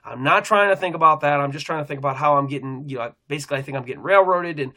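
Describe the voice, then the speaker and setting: A man's voice: a little high, brisk, sharp tone. A middle-aged man, a pastor, telling a personal faith testimony in an earnest, rambling way, often restarting his sentences.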